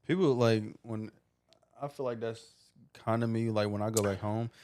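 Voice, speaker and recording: A podcast co-host with Michigan roots who grew up in the South chats casually in an easygoing, hesitant way, leaning on lots of fillers. His voice is lowish, steady, and a little mellow at a moderate pace, with slight background noise.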